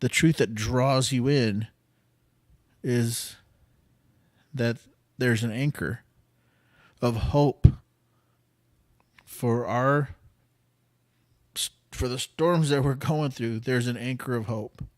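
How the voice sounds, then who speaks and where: This podcast host speaks at medium pitch in a dry, studio-quality recording. His devotional talk is earnest and slow, conversational with fillers and restarts, and it grows into intense, impassioned pleading.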